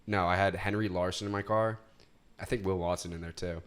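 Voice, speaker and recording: A man's voice: low voice, brisk, clear, resonant tone. A young man co-hosting a podcast, telling stories in casual chat and swearing freely. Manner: animated storyteller, swears casually. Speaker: podcast host.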